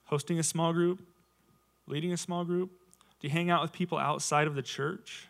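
A man's voice: a little high, fairly even intonation, moderate pace, vocal fry, a bit bright. A man in his thirties giving a casual, conversational sermon to his church, full of rhetorical questions. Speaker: lay preacher.

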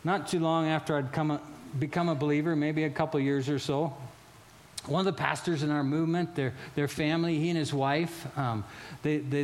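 High-pitched guy preaching, gets loud and worked up, repeats himself a lot, then goes quiet and soft on the sad parts. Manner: animated and emphatic, often repeating words and restarting phrases; drops to a quieter, slower tone for solemn stories. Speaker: pastor. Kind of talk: sermon.

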